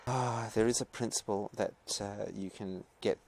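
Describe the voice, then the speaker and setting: Man, teacher, podcast lecture; low, creaky voice; hesitant and digressive. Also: steady tone, normal speed, darkish tone. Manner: rambling, hesitant, many fillers and asides. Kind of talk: podcast lecture, reading and commenting.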